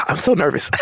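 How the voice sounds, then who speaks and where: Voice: high-pitched, pushed and bright, slightly rough. A gamer commenting anxiously during a playthrough, exclaiming and repeating nervous phrases over and over. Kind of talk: let's-play commentary.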